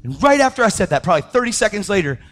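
Man, preacher, sermon testimony, high voice, animated, acts out quoted voices. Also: rapid-fire. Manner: animated, acts out quoted voices, pitch jumping up when excited.

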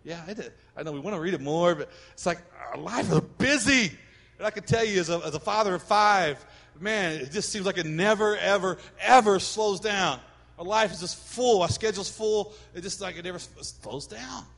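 Middle-aged male pastor, high voice, lively preaching delivery, long church-hall reverb. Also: moderate pace, vocal fry. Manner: animated, acts out quoted voices. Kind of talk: sermon.

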